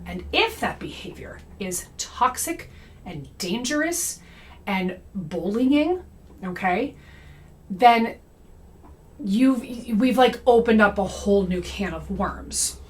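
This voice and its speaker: A young adult woman talks straight to her audience in a casual monologue. Her voice sits at a middle pitch. She keeps it conversational and tags her points with "okay?" and "right?". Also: animated, takes it slowly, slight background noise. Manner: conversational, frequent "okay?" and "right?" check-ins. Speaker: comedy creator and anti-MLM commentator.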